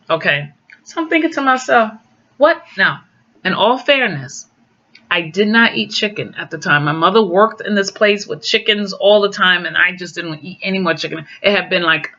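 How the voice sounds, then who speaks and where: A middle-aged woman telling personal stories casually, acting out quoted dialogue with big jumps in pitch. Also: sharp tone. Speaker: guest sharing personal stories. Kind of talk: casual storytelling. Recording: dull lo-fi recording.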